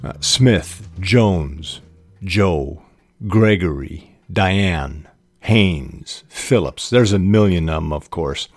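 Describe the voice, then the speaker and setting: An older man hosting a podcast on fiction writing, explaining ideas in an unhurried, thoughtful way and spelling words out letter by letter. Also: low-pitched, no room sound, clean studio sound, faint music behind. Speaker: podcast host and writing teacher. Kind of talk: instructional podcast monologue.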